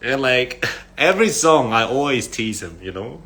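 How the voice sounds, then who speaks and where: A young man with an expressive, sharp-toned, medium-pitched voice talks at a moderate pace to fans on a phone livestream. He meanders through stories, laughing frequently and saying "like" constantly.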